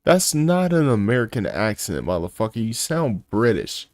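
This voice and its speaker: Deep-voiced man reacting bluntly. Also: big pitch swings, darkish tone, no room sound, studio quality. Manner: blunt, swearing, quick to laugh. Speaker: reaction video host. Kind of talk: casual reaction commentary.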